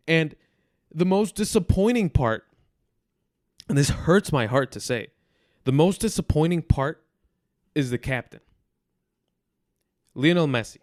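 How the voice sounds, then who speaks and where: A man's voice: a little high, lively intonation, a little slow, no echo, studio quality. A man in his twenties hosting a football podcast, bluntly venting his frustration and repeating points for emphasis. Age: 20s. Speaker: podcast host. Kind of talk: football commentary monologue.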